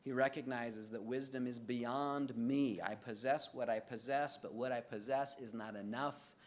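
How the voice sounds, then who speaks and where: A man's voice: medium pitch, a little slow. A middle-aged male pastor preaching a sermon in a conversational way, acting out little everyday dialogues as he goes. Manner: conversational, acts out little dialogues with lively swings of voice.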